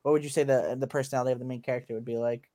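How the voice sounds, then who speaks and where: A man in casual chat, brainstorming ideas with frequent restarts and sentences that trail off softly. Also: mid-range voice, steady tone. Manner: rapid, halting restarts, trails off quietly. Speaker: co-host brainstorming an anime.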